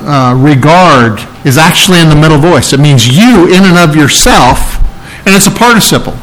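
A man's voice: fairly high pitch, fairly bright tone, poor audio. A man preaching a sermon, teaching earnestly and stressing key phrases by repeating them. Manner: earnest, emphatic teaching with repetition. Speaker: pastor.

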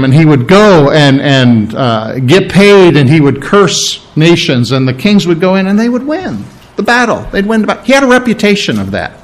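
A man's voice: high voice, low-quality recording. A male preacher telling a Bible story in a conversational sermon, with many restarts.

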